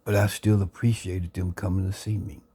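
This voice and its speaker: A man earnestly sharing his life story into a phone camera, reflective and unhurried. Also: low voice, flat delivery, mellow, breathy edge. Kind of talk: personal testimony, casual talk.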